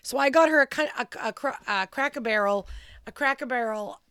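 A young woman who works as a schoolteacher, telling stories in a casual chat with excited exclamations and casual swearing. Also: fairly high pitch, a little fast, smooth.

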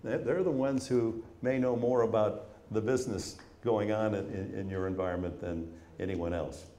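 A man's voice: on the low side, steady tone, moderate pace, warm tone. A man sharing anecdotes and advice in conversation, sometimes repeating words as he starts a thought. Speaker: author and guest. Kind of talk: storytelling in conversation. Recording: roomy echo.

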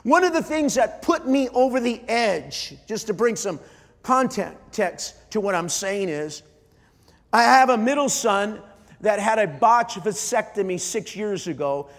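Middle-aged male pastor, sermon, high voice, emotional, stumbling restarts, long hall reverb. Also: lively intonation. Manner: emotional, halting with many repeated starts. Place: large church hall.

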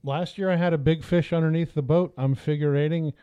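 A man on a fishing podcast, telling stories in a lively, animated way. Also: a little high, a little fast, smooth, muffled recording. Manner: animated storyteller, acts out others' voices. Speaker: podcast host. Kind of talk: casual fishing chat.

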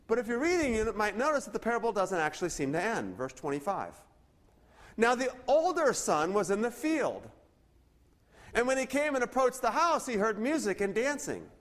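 A man preaching a sermon, reading scripture aloud and often restarting his words. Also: high-pitched. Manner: earnest preaching, frequent stammered restarts, reads scripture aloud. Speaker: pastor.

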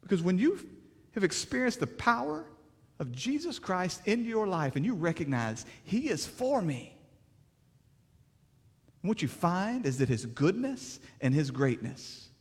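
A man preaching a sermon with emphatic delivery and rhetorical questions, swinging between loud declarations and hushed passages. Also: fairly high pitch, husky, in a large hall. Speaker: pastor.

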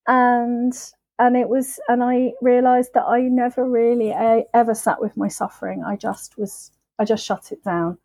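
A woman on a podcast, telling her sobriety story in a candid, emotional, halting way. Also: on the high side, little pitch movement, mellow, no echo, low-quality recording. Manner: emotional, halting, with frequent restarts and swearing.

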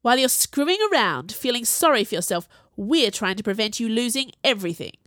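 A woman's voice: on the high side, expressive, a little fast, a bit bright, no room sound, pitched above the performer's own voice. An arrogant young ice-mage man, as a female narrator puts him on, growling with sarcasm in a raised, pushed voice. The recording is dry and close. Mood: angry.

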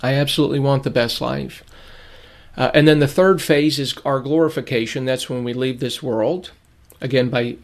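A man giving sermon-style Bible teaching, earnest and emphatic, repeating key phrases for stress. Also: medium pitch.

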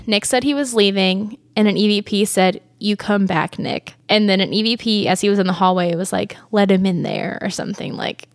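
Young woman host, chatty and giggly, mid pitch, dry studio sound. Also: moderate pace, few pauses, no room sound. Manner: giggly, rambling, many fillers. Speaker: podcast host. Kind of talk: casual chat recapping a ghost show.

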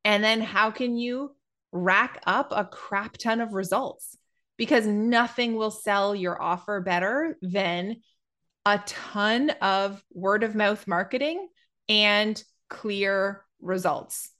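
A woman talking on a podcast as a business coach. She speaks slowly and deliberately, and she explains with thoughtful pauses in a middle-pitched voice. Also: fairly bright tone. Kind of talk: casual podcast conversation.

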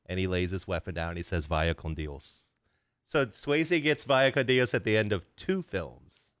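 A man's voice: lowish voice, very animated, normal speed, a bit bright, clean tone, dry recording, studio quality. A man hosting a podcast, casually recounting movie and music trivia with enthusiasm. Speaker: podcast host. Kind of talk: casual chat.

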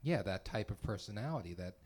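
A man with a fairly low voice talks through ideas in a relaxed, thoughtful way. His tone stays easy and conversational. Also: fast, husky. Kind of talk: casual chat.

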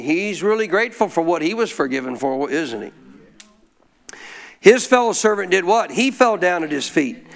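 A man teaching scripture in a folksy, informal way, prompting listeners to answer him out loud. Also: fairly high pitch, animated, fairly quick, gravelly. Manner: call-and-response, prompts listeners to answer aloud. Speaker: Bible teacher. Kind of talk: interactive Bible teaching.

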